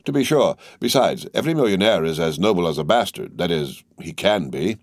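A man's voice: low-pitched, lively intonation, fairly quick, no echo, studio quality. A man voicing a witty, flippant young male government official fond of paradoxes.

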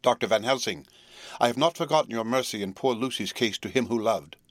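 A man reading the part of a devoted young wife, earnest and resolute, in a measured pleading tone. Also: mid-range voice, dry recording, natural voice. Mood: solemn. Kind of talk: audiobook character reading.

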